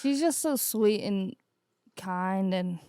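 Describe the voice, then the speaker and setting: A woman's voice: medium pitch, lively intonation, takes it slowly, dark tone, no echo. Easygoing woman cohost, dry sound. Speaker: podcast co-host. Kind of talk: casual chat.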